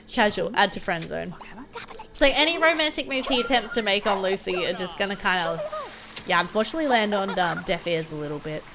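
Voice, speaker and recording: A young woman casually commenting on her gameplay, chatty and often giggling. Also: mid-range voice. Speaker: gameplay video host.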